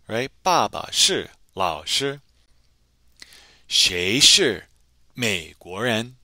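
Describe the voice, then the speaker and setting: A man narrating a recorded language lesson, his lowish voice rising and falling in a lively way. He talks unhurriedly and patiently, modeling each phrase slowly so learners can repeat it. The sound is bright and dry. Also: no room sound. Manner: patient, explanatory. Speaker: Chinese language teacher.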